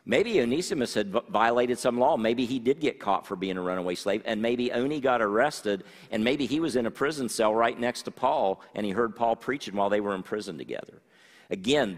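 A man's voice: lowish voice, long reverb tail. A man preaching a sermon, reading scripture aloud and then explaining it to his congregation. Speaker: pastor.

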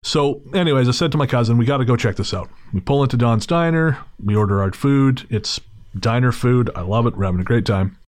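A man's voice: medium pitch, brisk, darkish tone, no echo. A man hosting a podcast, telling a story in a casual, wry and digressive way, with frequent restarts. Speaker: podcast host.

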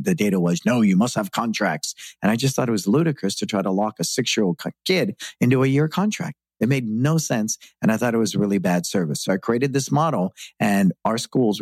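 Podcast guest: middle-aged man, low husky voice, earnest reflective storyteller, dry sound. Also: a little mellow, no echo. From San Francisco. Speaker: guest, martial arts school owner. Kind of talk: podcast interview.

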